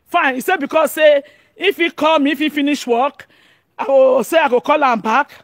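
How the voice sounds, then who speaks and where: A Nigerian woman from Edo giving an animated monologue as an online commentator, excitable and often shouting and laughing. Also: high voice, normal speed, dry recording, clean studio sound.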